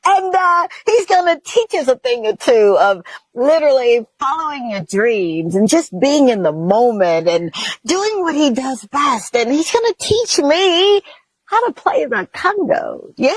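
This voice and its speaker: A woman's voice: high-pitched, big pitch swings, unhurried, no echo, low-quality recording. A woman from Mississippi, hosting a talk show in a bubbly way, laughing often and speaking straight to viewers. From Mississippi, USA.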